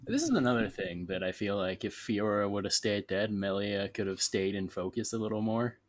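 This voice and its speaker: A man's voice: lowish voice, animated, normal speed, no room sound. A man co-hosting a casual video game podcast, laid-back with dry, understated remarks. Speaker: podcast co-host. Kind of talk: casual spoiler chat.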